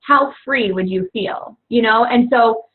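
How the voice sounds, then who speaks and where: A woman's voice: a little high, measured pace. A young woman coach talking casually and earnestly to fellow coaches, rambling with lots of "you know" and "like". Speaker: fitness coach. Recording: tinny phone-like audio.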